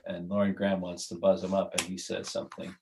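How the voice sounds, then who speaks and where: A man's voice: low-pitched, completely flat delivery, quick pace, vocal fry, noisy background. A man who is a writer and creator, talking as a podcast guest in a casual, rambling way with many restarts. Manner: rambling, restarts, laughs at his own jokes.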